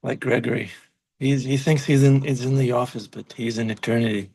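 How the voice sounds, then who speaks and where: An easygoing man hosts a class discussion, joking lightly with participants. His voice sits at an ordinary pitch. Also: steady tone, a little fast, gravelly, a little mellow, slightly rough. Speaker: class leader.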